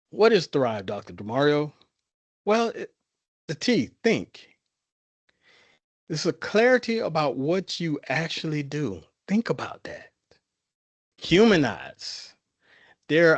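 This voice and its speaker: A man's voice: medium pitch, no room sound. A man from the Carolinas with a Southern twang, giving a folksy, conversational presentation as a guest speaker. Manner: folksy, repetitive, informal grammar.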